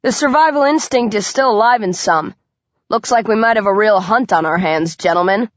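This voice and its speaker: A woman voicing an American male hunter, calm and cocky, with a cool drawl. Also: medium pitch, brisk, no room sound, muffled recording, natural voice.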